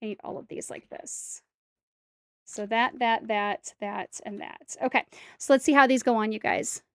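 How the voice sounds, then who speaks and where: A woman's voice: fairly high pitch, fairly even intonation, moderate pace, a bit bright, dry recording, studio quality. A woman streaming herself building a brick set, chatting casually to viewers and talking to herself as she corrects mistakes. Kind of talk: casual step-by-step build commentary.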